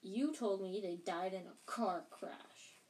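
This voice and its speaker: A woman's voice: medium pitch, slow pace, darkish tone, natural voice. A woman reading a storybook aloud, voicing a startled young boy asking urgent questions.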